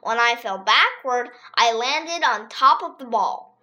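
A child reading a funny children's story aloud in a lively, expressive way. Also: medium pitch, takes it slowly, lo-fi sound. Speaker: reader.

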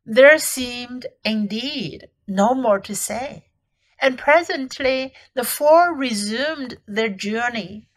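Woman teacher, reads novels aloud for learners; high voice, slow and measured. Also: rough recording. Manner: clear, measured storytelling. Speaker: English teacher.

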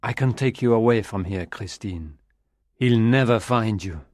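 A man's voice: lowish voice, measured pace, a little mellow, dry recording, studio quality, natural voice. A man voicing an earnest young man in love who urges and reassures, as an audiobook character voice. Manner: earnest, urging.

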